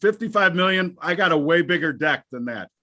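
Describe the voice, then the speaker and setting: A man co-hosting a casual market talk show, blunt and quick to laugh. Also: fairly high pitch, expressive, bright, forceful tone.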